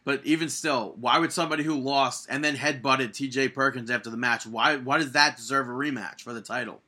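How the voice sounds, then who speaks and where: Young man, bright tone, casual podcast chat, exasperated, opinionated. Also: medium pitch, fairly even intonation, fairly quick. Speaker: podcast co-host.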